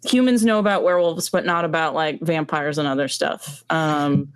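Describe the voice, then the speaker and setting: A woman talks about her comics in a relaxed interview. She speaks a little lower than most women and has a smooth, clear tone, recorded close and dry. She hesitates often and fills her pauses with ums. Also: no echo. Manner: hesitant, many ums, explains steadily. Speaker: comic book creator, guest. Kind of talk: casual interview talk.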